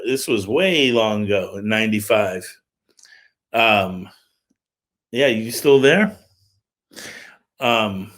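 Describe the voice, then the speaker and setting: A middle-aged man, a music promoter, casually telling an animated story on a livestream call, with lots of filler words. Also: fairly low pitch.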